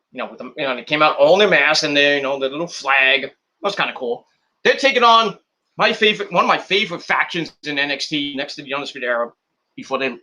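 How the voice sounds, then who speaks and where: A man's voice: fairly high pitch, pushed and bright. A man recapping and rating a wrestling show in a rambling, casual vlog, full of crude jokes and swearing.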